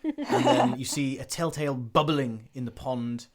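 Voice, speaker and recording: A man running a tabletop game as game master, narrating in a relaxed, jokey way. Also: medium pitch, a little slow, a little hiss or hum.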